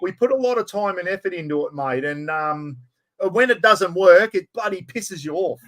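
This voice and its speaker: A high-pitched, animated male voice with a fairly bright tone belongs to an Australian podcast host. He chats casually at normal speed in an easygoing way, with the odd curse thrown in.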